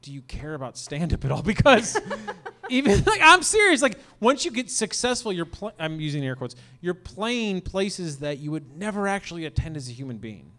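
A man's voice: sits high, sing-song, moderate pace, bright, forceful tone. A man hosting a podcast, chatting casually and trading sarcastic, ironic jokes with his guest. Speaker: podcast host. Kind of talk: casual comedic chat.

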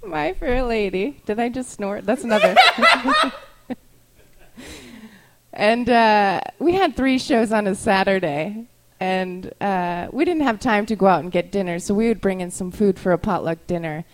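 A woman's voice: mid-range voice, vocal fry. A young woman doing stand-up comedy bits, a bit tipsy and laughing through her lines. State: tipsy from whiskey.

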